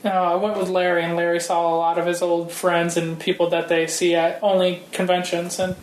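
A man chatting casually and enthusiastically as a podcast guest, with halting restarts. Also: high voice, monotone. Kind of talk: casual chat. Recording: roomy echo.

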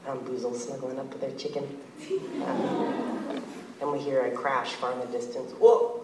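Man, nervous storyboard pitch, laughing, roomy echo, distant mic. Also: little pitch movement, moderate pace. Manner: nervous, laughing, acts out the scenes. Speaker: storyboard artist pitching a board. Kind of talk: casual pitch to a live audience. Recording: echoey room, far from mic, loud noise.

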